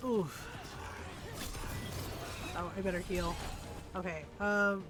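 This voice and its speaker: A woman streaming a video game, commenting casually and thinking aloud in an unhurried way while she yawns. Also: lowish voice, fairly even intonation, over music. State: sleepy, yawning.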